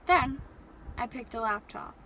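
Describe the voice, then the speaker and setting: A young woman telling an animated, exasperated story-time rant from her parked car. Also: fairly high pitch, unhurried, heavy background noise. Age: young adult. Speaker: vlogger.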